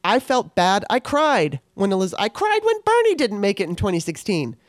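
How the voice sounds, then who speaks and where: A woman's voice: mid-range voice, sing-song, moderate pace, no room sound, clean studio sound. A woman hosting a podcast, talking on her own in a casual way, passionate and worked up, with swearing. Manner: impassioned, worked up, swears freely. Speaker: podcast host. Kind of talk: casual solo talk.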